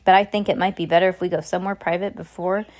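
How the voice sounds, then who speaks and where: A woman's voice: on the low side, steady tone, fast, darkish tone, natural voice. A woman voicing an elderly grandmother who speaks patiently and firmly. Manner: patient, firm. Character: calm firm elderly grandmother.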